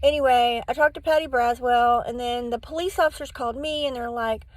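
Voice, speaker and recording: A high-pitched middle-aged woman talks straight to camera, rambling candidly through a personal story. Her recording is dry and close, with no room sound. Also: brisk, few pauses, dry recording, low-quality recording. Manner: candid, rambling, acts out quotes in the telling. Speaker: vlogger.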